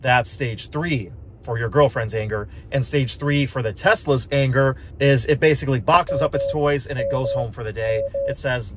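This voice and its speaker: A man's voice: mid-range voice, normal speed, heavy background noise. A man talking in a casual, wry, explanatory way, full of "like" and "just". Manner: conversational, wry, uses lots of filler like "like" and "just". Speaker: physician assistant vlogger.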